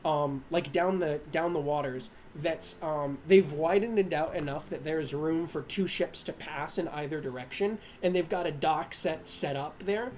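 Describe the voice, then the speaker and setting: A man's voice: on the high side, moderate pace, hardly any pauses, darkish tone, slight background noise. A man narrating as game master of a tabletop game, rambling with many fillers and restarts and laughing at himself.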